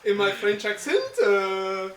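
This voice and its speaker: A man's voice: high voice, slow, a little hiss or hum. A chatty man co-hosting a casual beer review podcast. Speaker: co-host. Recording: echoey room, mic at a distance.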